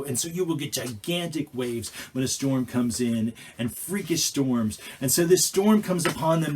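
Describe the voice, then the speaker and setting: A male pastor preaching a sermon in an animated way, acting out scenes and restarting phrases mid-sentence. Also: mid-range voice, slight background noise. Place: church.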